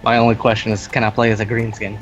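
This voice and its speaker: A man's voice: on the low side, level tone, quick pace, lo-fi sound, soft background music. A young man chatting casually during a game stream, brash and joking with crude humor. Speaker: stream guest. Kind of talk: casual chat while gaming.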